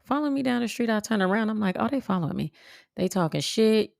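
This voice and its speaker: A woman podcast host telling a personal story in a blunt, profane, animated way. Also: fairly high pitch, normal speed, vocal fry, long pauses, no echo, studio quality. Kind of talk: casual storytelling monologue.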